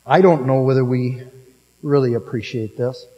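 A man preaching a sermon in a storytelling manner, moving between emphatic lines and hushed ones. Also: medium pitch, normal speed, muffled recording. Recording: long reverb of a large hall.

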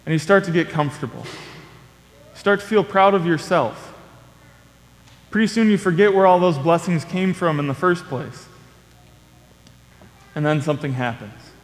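A man's voice: fairly high pitch, normal speed, long pauses. A young man giving a sermon in a conversational, storytelling manner. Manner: conversational storytelling with playful acted quotes. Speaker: preacher. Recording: long echoey reverb of a large hall.

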